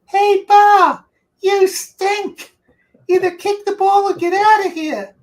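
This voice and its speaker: A man putting on a gruff older male football coach with a New York accent, screeching and blunt. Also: very high voice, fairly even intonation, moderate pace, pitched above the performer's own voice. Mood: scolding. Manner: scolding and blunt.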